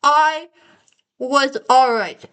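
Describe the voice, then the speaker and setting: Numb-mouthed young woman rambling, high voice. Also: very slow, a bit bright, poor audio. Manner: rambling, self-mocking, breaks into laughs. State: numb mouth after dental surgery. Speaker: vlogger. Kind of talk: casual vlog monologue.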